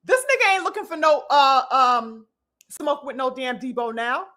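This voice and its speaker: A woman's voice: high voice, animated, normal speed, bright, forceful tone. A woman hosting a live-stream boxing commentary, ranting emphatically with profanity and piling up rhetorical questions, addressing her audience like a preacher.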